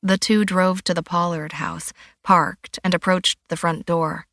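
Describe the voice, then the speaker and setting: Low-voiced woman narrating a thriller. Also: no room sound, clean studio sound. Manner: even, measured storytelling. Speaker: audiobook narrator.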